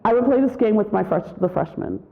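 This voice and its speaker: Animated woman giving a gravelly retreat talk. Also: mid-range voice, a little fast. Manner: animated storytelling, acts out quotes. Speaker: retreat speaker. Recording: tinny phone-like sound.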